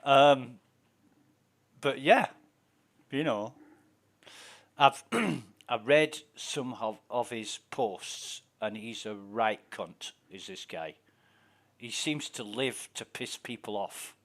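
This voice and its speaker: A Yorkshire man rambling through a story as he plays, with plenty of cursing along the way. His voice sits at an ordinary middle pitch, and his delivery is loose and conversational. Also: expressive, takes it slowly, long pauses, a bit bright. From Yorkshire, England. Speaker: game streamer. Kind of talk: casual chat while gaming.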